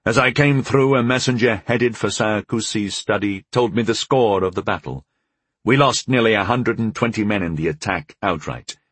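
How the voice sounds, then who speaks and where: A man with a low, husky voice reads a first-person fantasy tale in a measured, gently wry manner. The recording is dry and close, with no room sound. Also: no room sound. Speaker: audiobook narrator.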